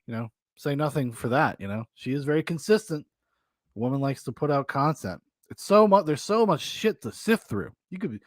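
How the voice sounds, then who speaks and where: A man hosts a podcast in loose, rambling chat and laughs often. His voice sits a bit high. The sound is close and dry. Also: dry recording. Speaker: podcast host. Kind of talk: casual chat.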